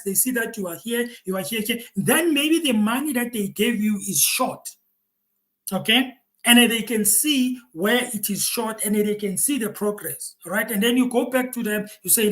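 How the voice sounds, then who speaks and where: A man's voice: very high voice, normal speed, a bit bright, rough recording. A man hosting a reaction video, talking casually to viewers with many repeated words and restarts. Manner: repetitive, stammering restarts, chatty asides to viewers.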